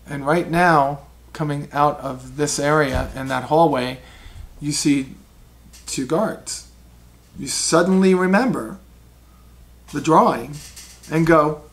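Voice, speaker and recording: A man narrating a tabletop game as game master, in an animated storytelling manner. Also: on the high side, takes it slowly, gravelly, pauses often.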